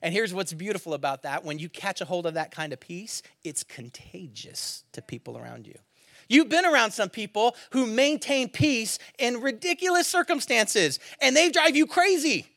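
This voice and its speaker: Bright-voiced man preaching a sermon. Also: high voice, sing-song, moderate pace, no room sound, studio quality. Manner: storytelling, swings from loud exclamations to hushed near-whispers. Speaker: pastor. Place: church service.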